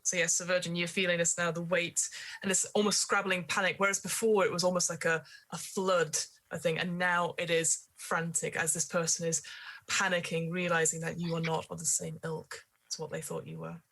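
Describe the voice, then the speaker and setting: A woman's voice: lowish voice, little pitch movement, fairly quick, a bit bright. A woman running a tabletop horror game as game master, describing scenes with frequent fillers.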